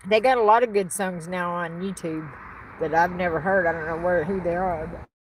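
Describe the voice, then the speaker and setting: A woman's voice: lowish voice, noisy background. A woman from Arkansas, chatting bluntly and rambling on a casual livestream, answering her chat.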